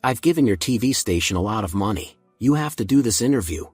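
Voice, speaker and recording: A man voicing a greedy middle-aged mother who shouts accusations, in a comic recap. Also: on the low side, expressive, fast talker, husky, no room sound, faint music behind. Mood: angry.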